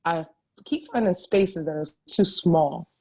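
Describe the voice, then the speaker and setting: Woman chef from ohio on a podcast, kinda low voice, talks fast and emphatic, lots of restarts. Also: breathy edge. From Ohio, USA. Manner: animated, restarts often, emphatic. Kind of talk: casual interview chat.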